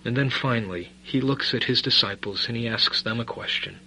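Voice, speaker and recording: A man preaching a sermon as a Bible teacher, emphatic and full of rhetorical questions, swinging between loud stress and quiet asides. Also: medium pitch, brisk, vocal fry, slight background noise, low-quality recording.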